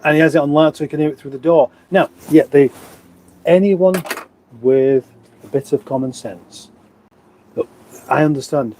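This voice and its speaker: Chatty English livestream host, middle-aged, warm tone, faint hiss behind. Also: male voice, a little high, moderate pace, pauses often, poor audio. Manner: rambling, chatty, reads viewer comments aloud. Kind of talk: casual live chat reading comments. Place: home room, indoors.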